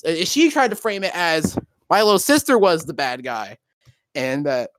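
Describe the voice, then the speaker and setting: A man's voice: fairly high pitch, very animated, normal speed, no echo. A young man telling a story in casual chat, rambling and profane with many fillers and restarts. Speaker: co-host.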